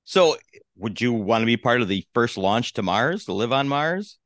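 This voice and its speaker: A man's voice: medium pitch, expressive, moderate pace, fairly bright tone, no room sound, studio quality. An older man from Wisconsin co-hosting a podcast, wry and laid-back, often trailing off mid-sentence. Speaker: podcast co-host. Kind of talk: casual podcast conversation.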